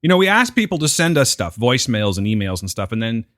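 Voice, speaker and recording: A man's voice: medium pitch, sing-song, quick pace, fairly bright tone, dry recording, studio quality. Joking man co-hosting a podcast. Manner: joking, self-deprecating banter. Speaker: podcast co-host. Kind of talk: casual chat.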